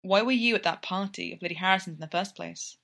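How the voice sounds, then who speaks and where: A woman voicing a weary, reserved male police inspector who speaks in a measured, neutral way. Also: on the low side, gravelly, fairly bright tone.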